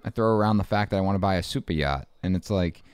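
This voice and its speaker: A man with a very low, smooth and resonant voice and only a faint trace of a Boston accent, talking as an interview guest. He rambles through his thoughts with many restarts and asides. The sound is close and dry. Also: fast, no room sound. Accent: faint Boston, mostly smoothed out. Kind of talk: casual interview talk.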